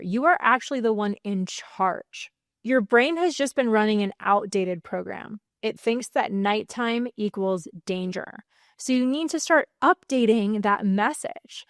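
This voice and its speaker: A woman sleep coach teaching calming techniques in a soothing, gently firm way, with light laughs between points. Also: a little high, no room sound, clean studio sound. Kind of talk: calm self-help teaching to camera.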